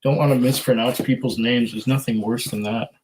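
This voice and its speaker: A man's voice: medium pitch, steady tone, brisk, darkish tone, a little hiss or hum, rough recording. A man hosting a casual whisky livestream at home, reading viewer comments aloud in an easygoing, chatty way with frequent ums and restarts.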